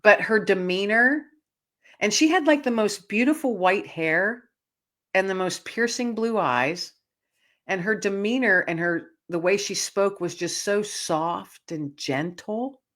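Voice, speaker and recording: A woman guest telling a personal story in an interview, animated, laughing often, with frequent restarts and fillers. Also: mid-range voice, a little slow. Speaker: guest author.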